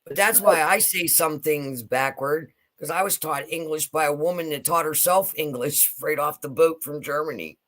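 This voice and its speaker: A woman's voice: low-pitched, normal speed, hardly any pauses. A woman in casual chat, telling stories about her grandmother and imitating her phrasing.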